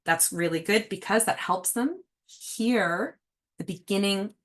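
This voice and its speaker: A woman reading specialist talks parents through reading activities in a relaxed, chatty way. Her pitch sits mid-range for a woman. She leans on little fillers as she explains. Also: measured pace. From Canada. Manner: friendly, casual teaching with fillers. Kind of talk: parent workshop talk.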